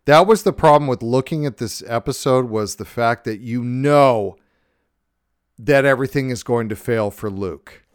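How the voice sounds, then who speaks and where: A man hosting a podcast, ranting in a casual, profane and excitable way. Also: medium pitch, moderate pace, clear, resonant tone, no room sound, clean studio sound. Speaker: podcast host.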